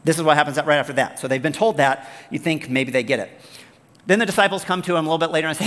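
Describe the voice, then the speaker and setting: A man preaching a sermon as pastor, talking in an animated, conversational way and telling stories. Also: fairly high pitch, fast, big-room sound. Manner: animated, conversational, storytelling, acts out the characters.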